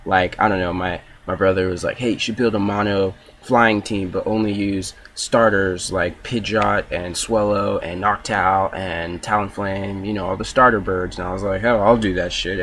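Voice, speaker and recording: A man's voice: deep voice, fairly bright tone, a little hiss or hum. A young man giving casual, profane play-by-play commentary over his own gameplay video.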